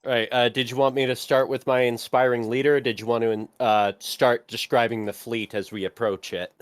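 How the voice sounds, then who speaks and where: A man's voice: medium pitch, little pitch movement, moderate pace, clean tone, no echo. Man chatting at a game table, close and dry. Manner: keeps breaking into laughter, many fillers. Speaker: player. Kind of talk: casual game table chat.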